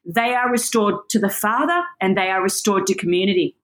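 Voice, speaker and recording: A woman's voice: medium pitch, a little fast. A woman teaching on a Bible passage, earnest and emotional, moved to tears as she reads.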